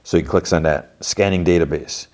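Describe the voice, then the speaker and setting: A man's voice: deep voice, fairly even intonation, normal speed, darkish tone. A male podcast host recapping a TV episode in a chatty way, full of fillers, acting out the dialogue.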